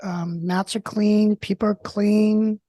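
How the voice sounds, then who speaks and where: A man's voice: high voice, fairly even intonation, slow, mellow, dry recording, studio quality. A man co-hosting a podcast, joking in a playfully mock-serious way. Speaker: podcast co-host. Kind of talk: casual podcast banter.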